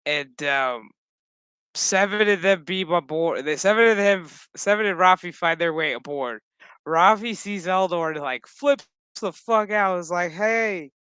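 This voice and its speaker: A man's voice: sits high, a little slow, pushed and bright, clear, resonant tone, no echo. A man giving a loose, profane, rambling recap of a TV episode, full of fillers. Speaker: TV episode reviewer.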